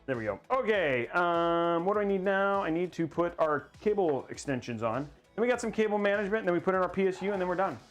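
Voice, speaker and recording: Man, livestream host, excitable, rambling, slightly high voice, music underneath. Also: quick pace, few pauses, lo-fi sound. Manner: excitable, rambling, hypes chat goals. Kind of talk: casual livestream chat.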